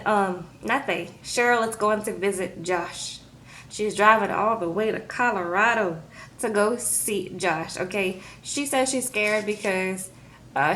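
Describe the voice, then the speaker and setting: A woman recapping a reality TV episode in a casual vlog, talking in an animated, sassy way, acting out quotes and tagging her lines with "okay?". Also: mid-range voice, a little hiss or hum.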